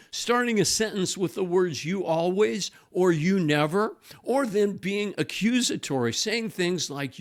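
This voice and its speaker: A middle-aged man, a Christian marriage coach and pastor, giving a scripted teaching talk, measured and slowing down on key points as he quotes scripture and example phrases. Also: a little high.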